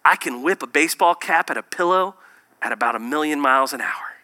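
A man preaching a sermon, swinging between loud emphatic bursts and hushed, near-whispered lines. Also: on the high side, animated, a little fast. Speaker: pastor.

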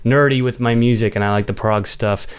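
A man's voice: medium pitch, fairly even intonation, fairly quick, a little hiss or hum. A man from Washington, D.C., hosting a podcast in casual chat, joking and laughing often as he talks. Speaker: podcast host.

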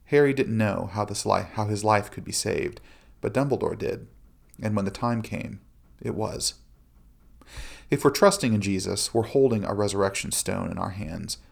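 Gravelly low-voiced man reading a devotional. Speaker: Christian speaker.

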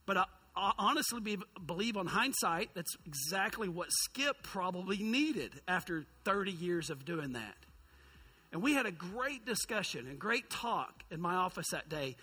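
A high-pitched man preaching to a congregation. His voice is bright and a little husky, and he tells stories in a lively, self-mocking way, full of humor. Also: normal speed. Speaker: youth pastor. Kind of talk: sermon storytelling.

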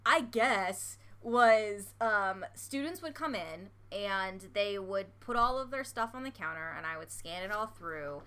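An American woman in casual chat, animated and laughing, with lots of "like" in her speech. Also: mid-range voice, measured pace, few pauses, clear, resonant tone. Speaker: friend in conversation.

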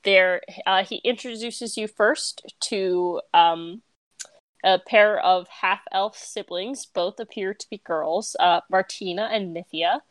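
A woman's voice: medium pitch, takes it slowly, no echo. Chatty woman narrating a tabletop game. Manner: lively, chatty, with laughs and fillers. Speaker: game master.

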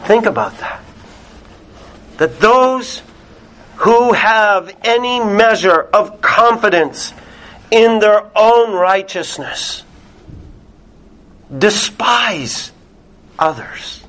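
A male preacher gives a sermon to a small congregation in a slightly high, animated voice, speaking slowly, deliberately, and emphatically. On the words he wants to land, he drops almost to a whisper.

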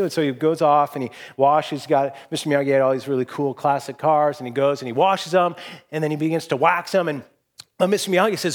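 A man in his forties preaching a sermon from a church stage, telling a story in an animated, rambling way with frequent restarts. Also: on the high side, brisk. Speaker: pastor.

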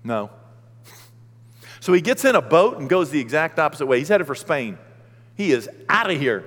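A man preaching a sermon, animated, swinging between loud outbursts and hushed, gentle talk. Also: on the high side, fairly quick, in a large hall.

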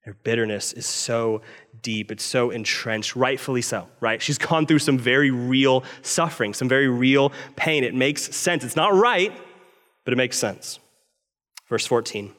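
A man, a pastor, preaching a sermon in an expressive way, his voice rising when he quotes scripture and falling low when he stresses a point. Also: unhurried. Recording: long reverb of a large hall.

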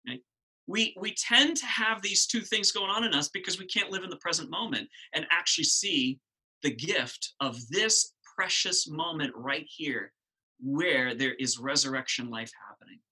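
A middle-aged man preaching in a lively, conversational way, throwing questions out to his listeners. His voice is husky and very bright, and it sits fairly high for a man. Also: moderate pace, low-quality recording. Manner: animated, conversational, asks the congregation questions. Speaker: pastor. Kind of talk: sermon.

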